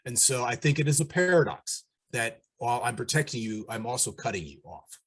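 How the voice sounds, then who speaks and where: Middle-aged male panelist, husky tone, lively storyteller who slips into other people's voices. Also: mid-range voice, fairly quick. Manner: animated storytelling, acting out quoted voices. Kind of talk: panel discussion.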